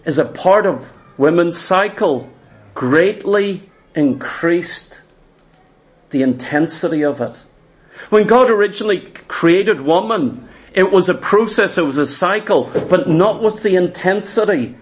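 A man preaching, his voice sitting unusually high. He builds his points through repetition and asks his listeners question after question. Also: expressive, a little slow. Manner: fervent, repetitive preaching cadence with rhetorical questions. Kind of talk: sermon.

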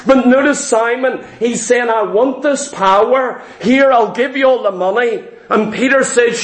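A male preacher giving an emphatic sermon in church, repeating key phrases and slowing down to stress them. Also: very high-pitched, echoey room, rough recording.

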